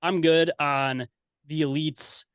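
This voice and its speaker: Man, podcast guest, blunt, profane, conspiratorial rant, fairly high voice. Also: fairly even intonation, takes it slowly, fairly bright tone, clean tone, dry recording, clean studio sound. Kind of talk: casual chat.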